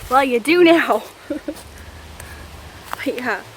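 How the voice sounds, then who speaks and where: With a high voice, lively intonation, and drawn-out words, a Canadian woman chats for her vlog while hiking in the woods. She's out of breath, rambling, and uses many fillers. The background carries faint outdoor noise.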